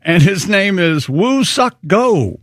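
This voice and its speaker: A man's voice: high-pitched, big pitch swings, takes it slowly, fairly bright tone, dry recording, clean studio sound. Upbeat man co-hosting a radio show. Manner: upbeat, reads listener emails aloud. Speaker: co-host.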